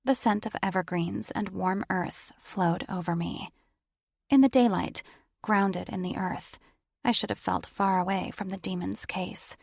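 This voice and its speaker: A woman narrating a first-person romance audiobook in plain, even storytelling. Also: mid-range voice, measured pace, creaky, no echo, clean studio sound.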